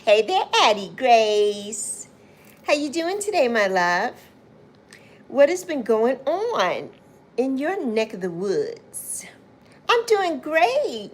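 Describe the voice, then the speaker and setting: Slow-paced woman hosting a chatty livestream. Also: medium pitch. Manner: warm, chatty, calls viewers "my love" and "honey". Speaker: livestream host. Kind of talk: casual livestream chat, greeting viewers.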